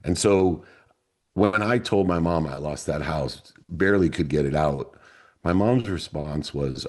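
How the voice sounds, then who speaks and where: A middle-aged man leading a men's mastermind group, telling a motivational story in an earnest, deliberate way that lingers on key words. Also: very deep voice.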